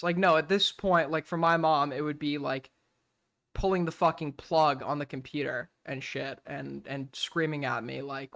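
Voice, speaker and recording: Young man, reaction host, blunt and profane, with a bright, somewhat high voice. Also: fairly even intonation, moderate pace, gravelly. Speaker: streamer host. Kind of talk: casual reaction commentary.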